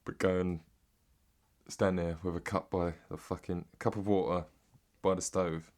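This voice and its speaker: An English man in a rambling, sweary deadpan comic monologue. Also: low-pitched, a little slow. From Britain. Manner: rambling and sweary, drifting into mock accents. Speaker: comedic monologue host.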